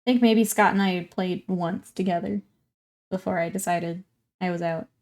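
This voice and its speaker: A woman's voice: on the low side, steady tone, moderate pace, a little mellow. Young woman streaming, chatty, keeps giggling, says hi to chat. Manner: chatty, laughs often, greets chat. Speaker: livestreamer. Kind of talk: casual chat with viewers while hobby painting.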